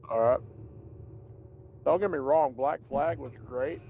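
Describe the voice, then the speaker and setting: A man's voice: medium pitch, slow pace, creaky, phone-quality sound, slight background noise. A man player chatting casually about video games at a tabletop session, with wry, opinionated banter.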